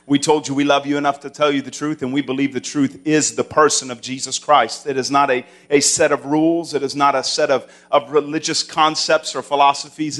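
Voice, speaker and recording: A pastor preaching a sermon in a church, with a loud voice that carries and builds to fervent declarations. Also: male voice, mid-range voice. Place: church sanctuary.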